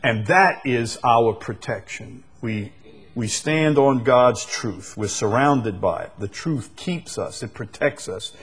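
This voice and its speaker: A man with a husky voice delivers a sermon, speaking slowly and emphatically. Every so often he bursts out loud and high, then drops to softness.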